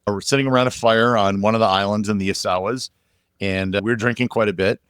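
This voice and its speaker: An American podcast host tells a casual story, pausing on fillers and restarting his sentences. His voice is fairly low. The sound is close and dry. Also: steady tone, fairly bright tone, clean tone, dry recording. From United States. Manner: rambling anecdotes with fillers and restarts.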